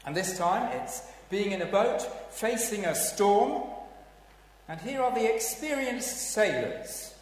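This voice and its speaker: A man preaching a sermon, swinging between hushed tones and loud dramatic exclamations. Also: high voice, big pitch swings, slow pace. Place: church. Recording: echoey hall, heard from a distance.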